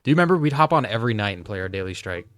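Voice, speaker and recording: A man co-hosting a podcast in casual chat, telling animated, profane stories. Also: lowish voice, rapid-fire, dry recording, clean studio sound. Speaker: podcast co-host.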